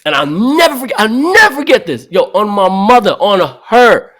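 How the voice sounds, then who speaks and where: Animated and lively, this New York comedian spins stories as a podcast guest, performing the voices of those he quotes. He has a high voice and a moderate pace.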